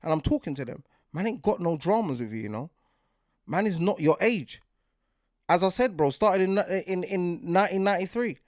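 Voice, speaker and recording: A man's voice: high-pitched, animated, normal speed, darkish tone, dry recording, studio quality. A man in his forties with a London accent, hosting a podcast in casual, rambling talk that keeps asking if you get what he's saying. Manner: rambling, repeats "do you get what I'm saying", grows more heated. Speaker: podcast host.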